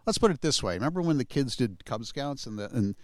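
A man's voice: mid-range voice, lively intonation, darkish tone, no room sound. Rambling middle-aged man telling a story. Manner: rambling, halting, chuckles often. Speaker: podcast co-host telling a story. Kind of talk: casual storytelling chat.

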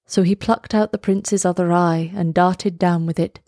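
A woman reading a fairy tale aloud, slow, lilting and expressive. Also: fairly low pitch, dry recording, studio quality. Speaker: storyteller. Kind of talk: storybook read-aloud.

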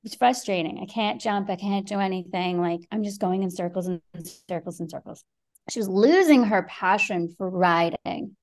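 A middle-aged woman guest on a podcast, telling a story in a lively way, acting out quotes and swearing freely. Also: mid-range voice, moderate pace. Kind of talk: animated storytelling.

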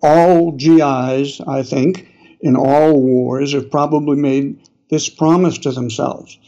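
Slow and warm, with a medium pitch and fairly even intonation, the voice belongs to an older author with a New England accent. As an interview guest he tells long stories that ramble, full of uhs and restarts, captured in dull lo-fi audio.

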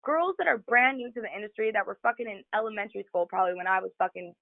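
A woman's voice: medium pitch, fast talker, gravelly, dry recording, narrow, tinny audio. A woman guest on a talk show, telling candid, profane stories in casual chat with lots of fillers. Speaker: podcast guest.

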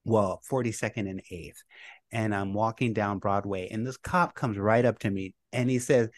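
A middle-aged man, a guest, recounting his life story in a casual, animated way and laughing at his own memories. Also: lowish voice, moderate pace.

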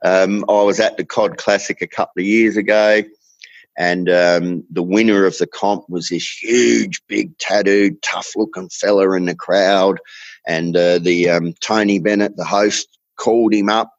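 Australian man, relaxed rambling storyteller, lower voice, dry close sound. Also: no room sound, muffled recording. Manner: rambling storyteller, drawn-out emphasis. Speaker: fishing guest. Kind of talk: casual chat.

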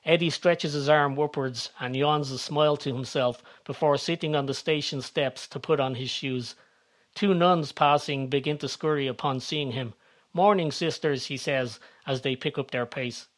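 A man narrating a story in a steady, descriptive reading voice. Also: medium pitch, moderate pace.

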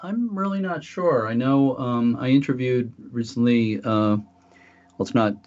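A man's voice: mid-range voice, unhurried, darkish tone. A man co-hosting a talk show, telling a story casually with many fillers and restarts. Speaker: podcast co-host. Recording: dull lo-fi audio.

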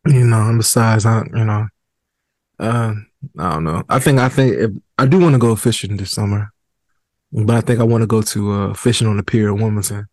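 A young man hosting a casual podcast, chatting in a relaxed way that trails off and restarts. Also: fairly low pitch, a little fast, no echo. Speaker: podcast host. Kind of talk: casual chat.

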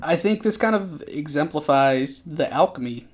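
A man's voice: a little high, expressive, moderate pace. Easygoing man in podcast film chat. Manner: easygoing, agreeable, recounts scenes.

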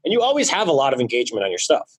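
A man guest in a casual interview, talking in energetic, joking bursts about his marketing business. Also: mid-range voice, racing, breathy edge, rough recording. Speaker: guest, real estate marketing business owner.

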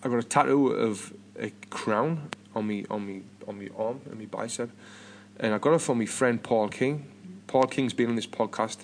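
A British man in his thirties hosts a podcast in a mid-range voice at a moderate pace, with slight background noise. He chats casually and rambles, restarting often and repeating words.

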